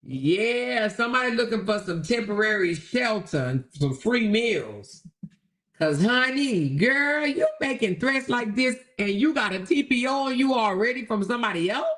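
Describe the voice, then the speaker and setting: Woman, livestream commentary host, lively swooping voice, animated, exclamatory, chatty. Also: a little high, normal speed. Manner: animated, exclamatory, talks straight to viewers; reads viewer comments aloud.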